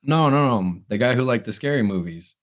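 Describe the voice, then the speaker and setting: A young man co-hosts a casual podcast, his voice sitting at an ordinary middle pitch. He rambles through long, chatty stories while his nose is blocked and stuffy. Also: expressive, fairly quick. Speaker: podcast co-host. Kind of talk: casual chat.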